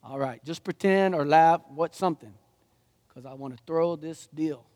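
Man, pastor, sermon, high voice, animated, joking, long hall reverb. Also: normal speed, a little hiss or hum.

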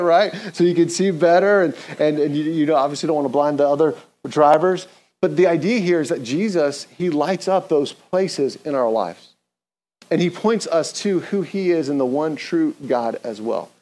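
A man's voice: on the high side, a little mellow. A man preaching an earnest, conversational sermon, leading the congregation in call-and-response. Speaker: pastor.

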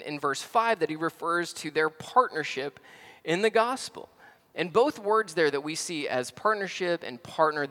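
A man's voice: on the high side, a bit bright. A male pastor, preaching a sermon in a casual storytelling way.

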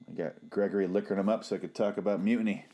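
A man's voice: on the low side, steady tone, racing, dark tone. A man giving casual, sarcastic and profane watch-along commentary on a TV show.

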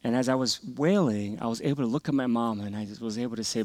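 A man's voice: medium pitch, fast, hardly any pauses, no echo. Earnest man telling his story, dry close sound. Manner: earnest, emotional storytelling that swings from loud to hushed. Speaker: pastor. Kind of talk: sermon testimony.

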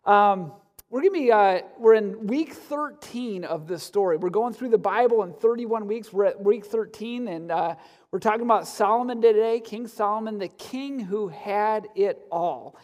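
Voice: mid-range voice, normal speed, a little mellow. A pastor giving a casual, joking sermon from a church stage, full of fillers and asides. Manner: conversational, joking, many fillers. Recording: long hall reverb.

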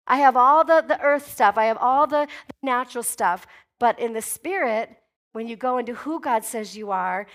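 A woman pastor with a high voice delivers an emphatic sermon. She is middle-aged and drives her points home with forceful spoken declarations. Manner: emphatic preaching, declaring commands with rising force.

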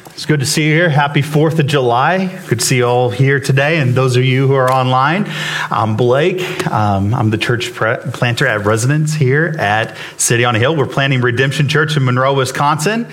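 A man's voice: medium pitch, normal speed, a bit bright. A man preaching to a church congregation in a casual, off-the-cuff way, with many fillers and restarts, and he becomes emotional while telling a story. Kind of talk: sermon. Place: church sanctuary with live congregation.

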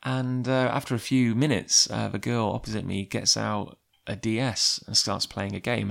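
Gravelly man telling a rambling story. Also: lowish voice. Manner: rambling, chatty, with frequent fillers. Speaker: comic creator. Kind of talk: casual personal storytelling.

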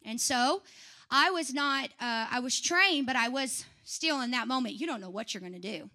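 A woman with a high, bright voice tells her testimony to a church congregation. She is chatty and lively, laughs often and talks straight back to the people in the pews. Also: normal speed. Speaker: church member giving a testimony.

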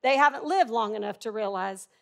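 A woman's voice: a little high, a little fast. A middle-aged woman preaching a sermon in a conversational, humorous and emphatic way.

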